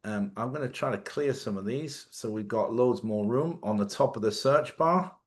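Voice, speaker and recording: A man's voice: mid-range voice, moderate pace. A man hosts a loose, rambling live-stream chat in an everyday voice, sitting in the middle of the usual male range. He talks off the cuff, swears without thinking, and breaks into laughter between remarks. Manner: chatty, joking, swears freely, laughs often. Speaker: host.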